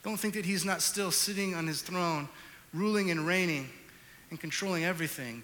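In a large hall, a high-voiced male pastor preaches a sermon built around a personal story. He moves animatedly from loud outbursts to hushed reflection.

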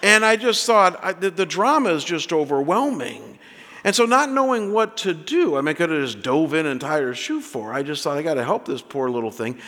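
A man in his fifties preaching a sermon, telling stories in an animated way with many restarts. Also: fairly high pitch, a little fast, in a large hall. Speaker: pastor.

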